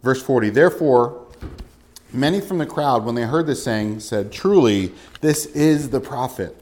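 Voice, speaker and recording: A man teaching verse by verse through a Bible passage. He reads scripture and quotes the speakers with lively emphasis, then adds casual asides. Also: medium pitch, a little slow. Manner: reads scripture aloud with lively, animated quoting of voices; conversational asides like "right?" and "you know". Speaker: pastor.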